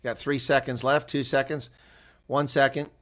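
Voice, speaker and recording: A man giving live rugby play-by-play, shouting on big plays and chatting casually with viewers in between. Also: medium pitch, little pitch movement, normal speed. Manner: reads viewer chat aloud. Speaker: play-by-play commentator. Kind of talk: live sports commentary.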